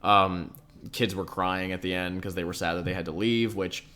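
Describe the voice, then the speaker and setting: Low-voiced young man, rambling casual chat. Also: steady tone, normal speed, sharp tone. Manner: rambling, says "like" constantly, swears casually. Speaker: podcast co-host.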